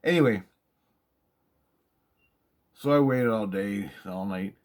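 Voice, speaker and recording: Excitable, swearing man telling a story. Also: on the low side, slow. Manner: excitable, profane, repeats himself for emphasis. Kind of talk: casual spoken storytelling monologue.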